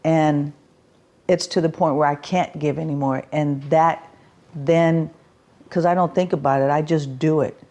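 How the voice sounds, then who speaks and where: A woman's voice: sits low, steady tone, unhurried, mellow. A middle-aged woman musician, a guest in an interview, talking heartfelt about performing, restarting her sentences and laughing easily. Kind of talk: interview conversation.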